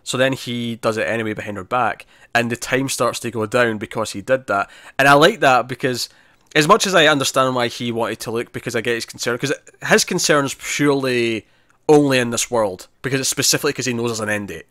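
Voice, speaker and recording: A man chats through an episode recap, jumping into characters' voices as he goes. His pitch sits in the middle of the range. The recording is dry and close. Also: fairly quick, dry recording. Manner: animated recapping, acts out characters' lines; frequent restarts and repeated words. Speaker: podcast co-host reviewing TV. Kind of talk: casual review discussion.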